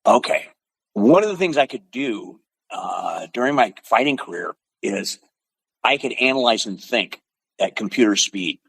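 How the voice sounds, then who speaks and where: An older man in his seventies spins animated anecdotes as a podcast guest, throwing in bursts of sound effects. He is from the Pacific Northwest, and his voice sits at a middle pitch. The sound is dry and close. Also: a little slow, creaky, slightly rough, dry recording, poor audio. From Pacific Northwest, USA. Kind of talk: storytelling in conversation.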